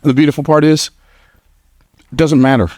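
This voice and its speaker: Lively man giving a motivational speech. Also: fairly quick, dry recording. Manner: storytelling, energetic, slips into a high squeaky voice for quotes; plain-spoken and joking, repeats phrases for emphasis. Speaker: motivational speaker. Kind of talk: motivational speech to a live audience.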